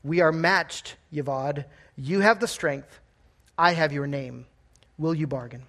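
A man's voice: fairly high pitch, measured pace, bright, forceful tone. A man voicing a young male wizard who speaks firmly and steadily to a dragon, read aloud from a storybook during a sermon. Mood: commanding.

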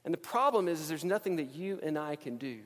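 A man preaching a sermon to a congregation, swinging from urgent, impassioned pleading to quiet, hushed questions. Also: on the high side, animated, fast, long reverb tail. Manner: impassioned, builds to pleading then drops to hushed. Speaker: pastor. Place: church sanctuary.

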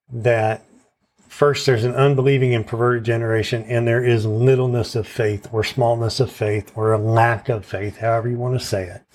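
A man preaching a sermon in an earnest teaching tone, often checking in with his listeners. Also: medium pitch. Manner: stresses verse words in turn as he recites.

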